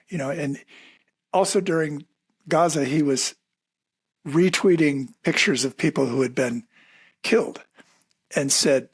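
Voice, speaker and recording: A man, a physician, speaking as a guest on a podcast in a measured, earnest way. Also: fairly high pitch, husky, no room sound. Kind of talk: conversational podcast interview.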